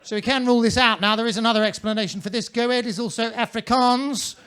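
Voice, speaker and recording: A man's voice: very high-pitched, fairly even intonation, quick pace, a bit bright, a little hiss or hum. A male stand-up comedian performing in a comedy club with a mannered, theatrical, droll delivery into a handheld mic.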